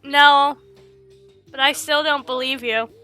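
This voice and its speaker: Playful high-voiced woman streamer. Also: steady tone, slow, pushed and bright, faint music behind. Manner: playful, teasing, exaggerated outbursts. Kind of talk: live game stream chat.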